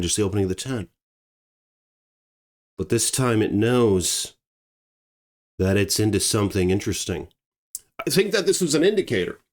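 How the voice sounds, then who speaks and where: A man telling a true story in a casual, animated way, swearing and acting out the scenes. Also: mid-range voice.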